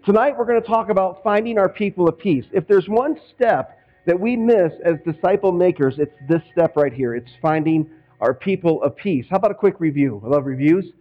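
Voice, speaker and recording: A man's voice: high-pitched, lively intonation, brisk, hardly any pauses, highs cut off. A man preaching as a pastor in a conversational way, from Northwest Indiana, slipping into quoted voices now and then. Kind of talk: sermon.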